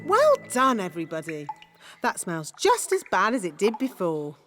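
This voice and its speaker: An actress voicing a no-nonsense fairy nanny who speaks briskly and casts rhyming spells. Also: female voice, mid-range voice, wildly swooping pitch, loud music behind the voice. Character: bossy fairy nanny woman, matter-of-fact.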